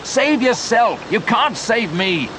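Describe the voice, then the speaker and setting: A man with a British accent voicing an injured, desperate man stranded in a flood, shouting warnings. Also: mid-range voice, takes it slowly, background noise, pitched above the performer's own voice, lightly acted. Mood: shouting urgent. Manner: shouting warnings, urgent and pleading.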